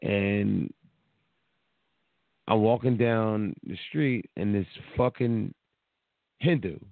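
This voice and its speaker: A man's voice: lowish voice, extremely slow, gravelly, no room sound. A man co-hosting a casual talk show, telling a rambling, profane story full of restarts. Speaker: co-host. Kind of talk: casual podcast chat. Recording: tinny phone-like sound.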